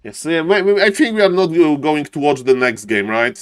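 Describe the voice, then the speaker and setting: A male esports caster with a fairly high voice, speaking English as a second language. He calls a live strategy game match, spiking into excited shouts at key plays. Between fights he jokes and chats with his viewers. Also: normal speed, smooth. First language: not English.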